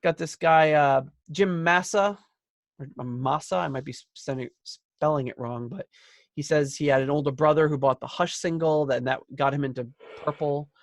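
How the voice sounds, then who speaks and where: A man's voice: fairly high pitch, steady tone, normal speed, no echo, studio quality. A man co-hosting a podcast in casual chat, joking around and reading out listener posts. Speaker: podcast co-host.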